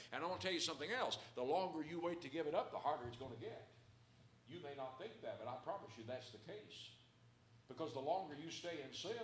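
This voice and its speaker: A man from the American South, preaching a sermon that moves between story and loud, emphatic exhortation. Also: a little high, echoey room, far from the mic, slight background noise.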